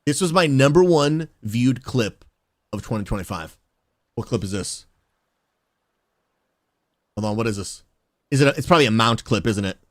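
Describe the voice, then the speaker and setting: A man talking casually to his live stream chat as a game streamer, animated and chummy. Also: lowish voice, no echo. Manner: animated, talks straight to chat, says "dude" and "bro".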